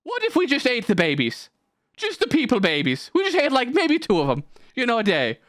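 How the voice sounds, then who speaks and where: Comic bit: man doing a shrill, frantic, dim peasant in a panic. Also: huge pitch swings, brisk, a bit bright, no room sound, clean studio sound, exaggerated voice. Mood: panicked.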